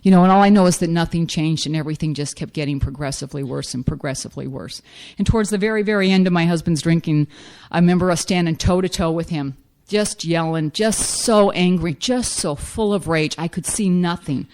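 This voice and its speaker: A woman's voice: on the low side, a little fast, darkish tone. A middle-aged woman giving a frank, self-mocking personal recovery testimony as a speaker at a meeting.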